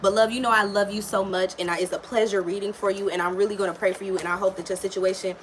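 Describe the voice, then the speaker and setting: A woman's voice: medium pitch, fairly even intonation, fast talker, a little hiss or hum. Frank, salty-tongued woman tarot reader. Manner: frank, profane and chatty, talking straight to a viewer. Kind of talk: casual live tarot reading.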